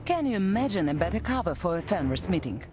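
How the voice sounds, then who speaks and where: A woman's voice: fairly low pitch, sing-song, fast talker, music in the background. A woman voicing a determined female covert agent in a video game, speaking in a curt, focused way.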